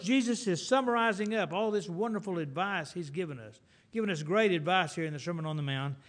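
Folksy man preaching a sermon. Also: on the high side. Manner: animated storytelling, folksy asides.

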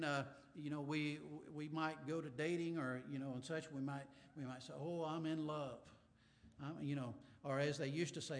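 A man preaching a sermon, earnest, stretching key words and checking in with frequent "right?" asides. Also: sits high. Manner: restarts and stammers, light sarcastic teasing. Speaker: pastor.

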